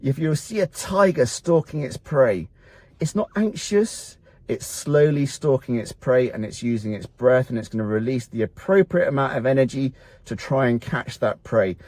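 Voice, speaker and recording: A man's voice: mid-range voice, expressive, normal speed, darkish tone. A middle-aged man, a doctor giving a blunt, motivational health talk to camera that poses rhetorical questions and then answers them. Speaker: doctor at a men's health clinic.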